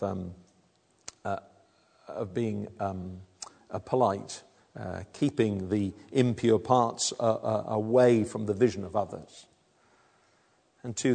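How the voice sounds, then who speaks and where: A man's voice: mid-range voice, vocal fry, darkish tone. A man preaching a sermon, explaining a passage in an earnest way, often restarting his sentences. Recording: long reverb of a hall.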